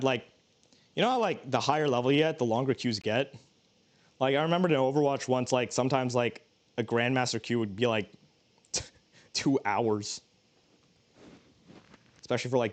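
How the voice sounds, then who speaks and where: A man streaming while he cooks, chatting casually in a joking, rambling way with many restarts. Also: medium pitch. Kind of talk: casual livestream cooking chat.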